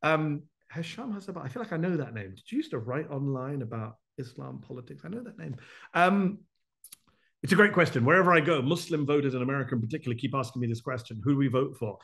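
A man hosting a town hall, answering members' questions off the cuff in a brisk, animated way, listing his points and tossing in quick asides. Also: medium pitch, gravelly.

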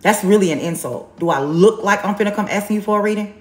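A woman's voice: medium pitch, fast talker, darkish tone, echoey room. A woman giving a live tarot reading, blunt and sassy, repeating herself for emphasis. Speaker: tarot reader on a livestream.

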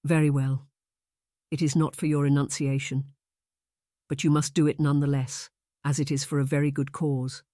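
A man voicing a gentle, insistent young aristocrat who speaks slowly and softly. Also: little pitch movement, no room sound, studio quality, lightly acted. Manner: slow, soft, low-spoken. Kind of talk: audiobook character voice.

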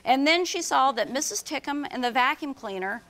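A woman author reading her children's book aloud and describing its pictures at a bookstore event, in a lively storytelling manner. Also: high voice, normal speed.

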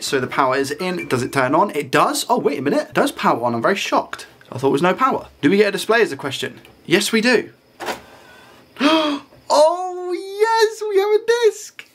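A man's voice: mid-range voice, fairly bright tone, breathy edge. Chatty man fixing consoles. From United Kingdom. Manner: chatty, upbeat, talks viewers through each step. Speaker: tech repair YouTuber. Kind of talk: casual narration while repairing consoles.

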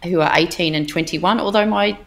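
A woman's voice: on the low side, fairly quick, vocal fry. A middle-aged Australian woman speaking as a guest in a casual interview, chatty, with frequent fillers and restarts. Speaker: podcast guest.

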